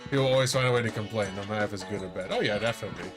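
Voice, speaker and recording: With music playing behind him, a man with a fairly low voice talks rapid-fire while streaming a game live. His casual commentary to viewers rambles, pokes fun at himself, and breaks into frequent laughter.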